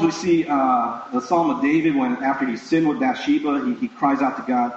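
A man's voice: fairly high pitch, expressive, moderate pace, a little hiss or hum. A man preaching a sermon in a conversational way, with frequent fillers and restarts. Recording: distant mic in an echoey room, dull sound.

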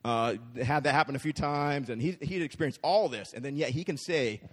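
Prediger mit Hall in einer Kirche. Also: male voice, on the high side, brisk. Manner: conversational, checks in with the crowd with frequent "right?". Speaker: pastor. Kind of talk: sermon. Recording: long hall reverb.

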